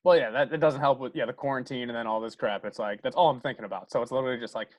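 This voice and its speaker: A man's voice: mid-range voice, rapid-fire, few pauses, no echo, lo-fi sound. A man, a guest comedian, telling a story in a casual, rambling way full of "like". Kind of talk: casual chat.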